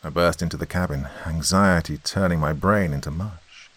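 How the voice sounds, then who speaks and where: A man with a very deep, low voice reads a first-person horror story. His delivery is tense and dramatic, and the sound is dry and close with no room echo. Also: normal speed, fairly bright tone. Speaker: narrator.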